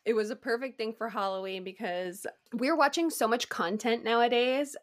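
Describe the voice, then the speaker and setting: A woman from California hosting a casual interview, chatty and quick to laugh as she acts out quotes. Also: fairly high pitch. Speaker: podcast host.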